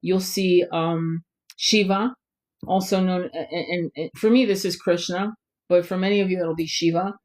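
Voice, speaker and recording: A woman hosting a spiritual live stream, guiding a soft, slow meditation and then chatting loosely with many fillers. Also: on the low side, steady tone. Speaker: spiritual tarot channel host.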